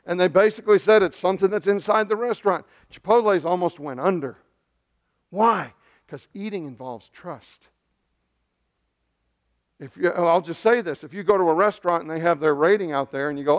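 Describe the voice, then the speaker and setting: A male pastor preaching a sermon to his congregation in a conversational style, dropping to hushed tones and then rising loud and emphatic. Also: high voice, normal speed.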